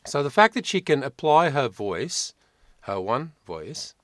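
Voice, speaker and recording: A man's voice: medium pitch, big pitch swings, unhurried, a bit bright, dry recording, clean studio sound. A man working as a vocal coach, giving reflective, emphatic commentary in a reaction video.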